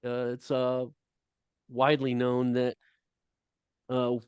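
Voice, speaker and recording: A middle-aged man, a guest author, talking casually on a video call, halting often with fillers. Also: medium pitch, completely flat delivery, a little mellow, smooth, no room sound, dull audio. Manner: halting storytelling with many fillers.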